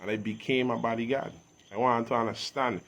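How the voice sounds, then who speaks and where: A man's voice: medium pitch, steady tone, brisk, slight background noise. Emphatic Virgin Islands man. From U.S. Virgin Islands, Saint Thomas. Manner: preachy, emphatic, often rising loud and emphatic. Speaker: interview guest, musician. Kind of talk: casual reasoning talk.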